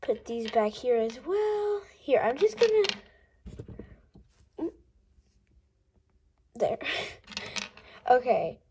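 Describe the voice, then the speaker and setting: A young woman chatting casually while unboxing toys, gushing and gasping often, sometimes dropping to a breathy coo. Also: a little high, very animated, extremely slow, pauses often, mellow, a little hiss or hum.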